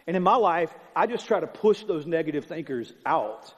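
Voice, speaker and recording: A man's voice: on the high side, expressive, normal speed, hardly any pauses. A man preaching a sermon as pastor, in an emphatic, conversational style with lots of repetition. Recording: long hall reverb, dull sound.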